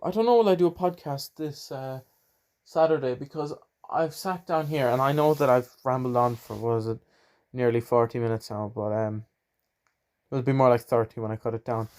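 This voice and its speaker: A man's voice: mid-range voice, moderate pace, a little mellow. A young Irish man hosting his own podcast, rambling and chatty with a self-deprecating streak. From Ireland. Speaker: podcast host. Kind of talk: casual solo podcast chat.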